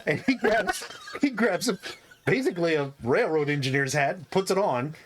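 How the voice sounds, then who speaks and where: A young adult man running a tabletop game as game master, narrating in a relaxed, rambling way with frequent laughs. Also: fairly high pitch, moderate pace, noisy background.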